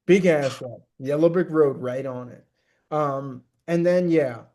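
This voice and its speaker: A man's voice: fairly high pitch, unhurried, dark tone. A young man co-hosting a podcast, chatting casually about a movie, rambling with many restarts and slipping into mock voices for quotes. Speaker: podcast co-host. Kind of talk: casual movie review chat.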